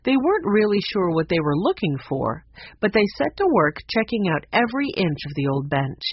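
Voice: mid-range voice, moderate pace, slightly rough, no room sound. An audiobook narrator reading a children's story expressively, in a slightly muffled recording. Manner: expressive, voices each character. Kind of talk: scripted narration.

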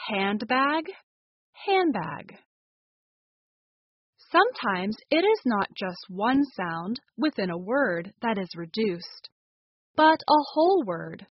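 A fairly high-voiced American woman teaches pronunciation, speaking very slowly with a lively, rising-and-falling melody. She reads from a script and models each example with care. The recording is dry and slightly dull. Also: no room sound. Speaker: English teacher and show host. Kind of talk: scripted slow teaching narration.

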